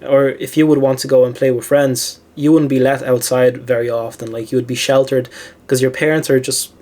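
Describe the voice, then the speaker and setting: A man speaking casually to the camera and retelling things that happened to him. He reaches for "like" again and again and laughs at himself now and then. His voice sits at an ordinary middle pitch for a man. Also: level tone, brisk, mellow. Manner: chatty, many "like" fillers, laughs at own stories. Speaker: philosophy channel host. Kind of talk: casual storytelling monologue.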